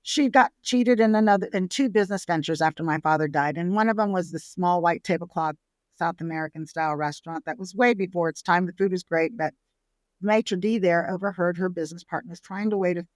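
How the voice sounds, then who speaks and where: A middle-aged woman from San Antonio, Texas, a restaurateur telling her family's history in a relaxed interview, lively and acting out the people she quotes. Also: on the low side, brisk, no room sound. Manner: lively storyteller who acts out family quotes. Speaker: restaurateur guest. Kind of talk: casual storytelling interview.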